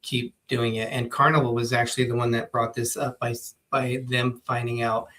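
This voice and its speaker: Halting, easygoing man in casual chat. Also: mid-range voice, level tone, fairly bright tone. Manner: loose and halting, many fillers. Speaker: co-host.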